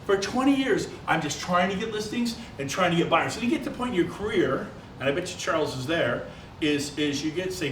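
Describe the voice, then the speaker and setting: A man giving a live business presentation, energetic and quizzing the audience with quick questions. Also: on the high side. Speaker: seminar presenter. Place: large event hall. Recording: echoey hall from far off, faint noise.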